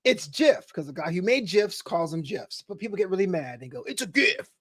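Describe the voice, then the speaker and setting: Man co-host, casual podcast. High voice, easygoing, laughs a lot, dry close sound. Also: very animated, brisk, no room sound. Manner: laid-back, laughs often, jokey.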